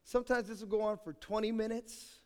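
A male pastor preaching a sermon with dramatic storytelling, swinging between loud and soft. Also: high voice, steady tone, brisk, smooth. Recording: echoey hall.

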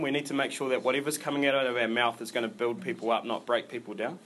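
A man's voice: mid-range voice, fairly bright tone, a little hiss or hum. Casual, rambling man preaching a sermon. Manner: informal, rambling delivery with many fillers and restarts. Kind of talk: conversational sermon.

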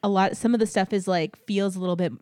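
A woman's voice: medium pitch, steady tone, fast talker, darkish tone, no echo, clean studio sound. A woman co-hosting a casual chat, teasing and giggling, with many "um"s and "like"s. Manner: teasing, giggly, lots of fillers. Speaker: co-host.

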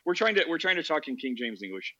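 Bright, joking man. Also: a little high, sing-song, fast talker, lo-fi sound. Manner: joking, says "like" often. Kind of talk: casual group chat.

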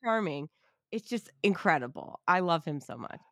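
A young adult woman co-hosting a podcast in casual chat, animated, swearing often and laughing a lot. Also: fairly low pitch, moderate pace, no echo, clean studio sound. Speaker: podcast co-host.

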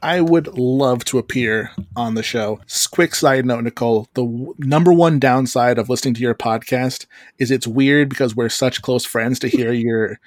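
A man's voice: mid-range voice, normal speed, no echo, clean studio sound. A man hosting a horror podcast, chatting casually and laughing as he talks. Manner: chatty, laughs while talking. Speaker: podcast host.

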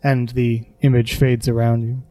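A man narrating as game master, in a relaxed, hesitant way with plenty of fillers. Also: medium pitch, moderate pace, no room sound.

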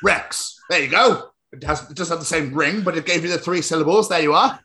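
A man's voice: on the high side, fairly quick, bright, forceful tone. A Scottish man co-hosting a podcast in casual chat, joking and swearing freely. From Scotland. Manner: jokey, swears freely, rambling asides. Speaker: podcast co-host.

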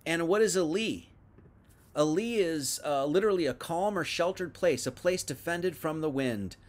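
A man giving an informal livestream sermon, reading scripture aloud and then paraphrasing it in casual everyday speech, swinging between loud emphatic bursts and hushed asides. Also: fairly high pitch, normal speed. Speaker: preacher.

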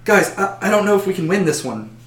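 A man voicing a nervous, scheming male halfling rogue in a high, strained, quick voice. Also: steady tone, close to an everyday voice. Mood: worried. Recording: roomy echo.

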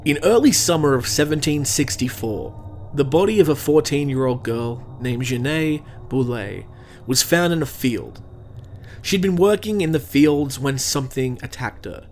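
A man's voice: medium pitch, expressive, a little slow, a little mellow, a little hiss or hum. A young man hosting a comedy podcast, chatting in a self-deprecating, jokey way before narrating a true-crime story. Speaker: podcast host.

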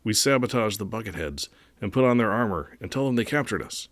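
A woman voicing a clever male space pirate in a gruff, lowered voice for a read-aloud story. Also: lively intonation, a little fast, no echo. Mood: scheming.

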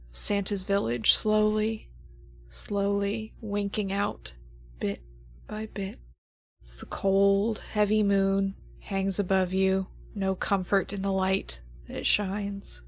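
A woman game master narrating a horror tabletop game slowly and dramatically, often dropping to near whispers for suspense. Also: mid-range voice, vocal fry, no room sound.

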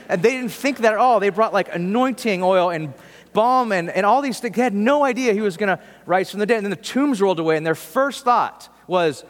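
A man's voice: sits high, lively intonation, brisk, big-room sound. A man preaching in a church, casual and conversational, with humorous asides. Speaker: pastor. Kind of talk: sermon.

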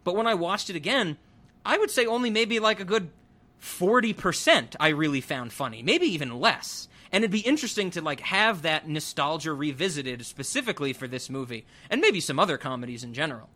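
A man's voice: fairly high pitch, big pitch swings, fairly quick, bright, forceful tone. A young man hosting a podcast, chatting casually with lots of fillers and asides. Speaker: podcast host. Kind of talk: casual chat.

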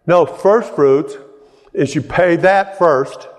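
A man's voice: fairly high pitch, takes it slowly, long reverb tail. A man preaching a sermon as pastor, conversational, often repeating and restarting his phrases.

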